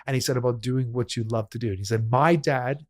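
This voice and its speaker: Man, podcast host, quick chatty delivery, mid pitch, dry close sound. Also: steady tone, darkish tone, no room sound. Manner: fast, chatty, restarts and laughs. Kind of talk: casual interview chat.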